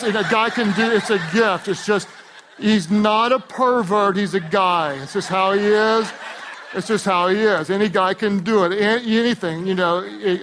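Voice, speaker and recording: Animated high-voiced pastor preaching. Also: male voice, moderate pace, a crowd in the background, noisy background. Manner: animated and humorous, swells to shouts on key points. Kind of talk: sermon.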